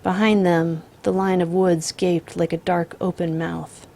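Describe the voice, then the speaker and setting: A woman narrating a literary short story in a measured, steady storytelling voice. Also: on the low side, vocal fry.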